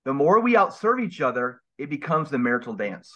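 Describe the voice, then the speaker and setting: A man's voice: fairly high pitch, sing-song, brisk, fairly bright tone. A man speaking as a guest on a podcast, earnest and emphatic, with a preaching manner. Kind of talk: casual podcast interview. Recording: dull lo-fi sound.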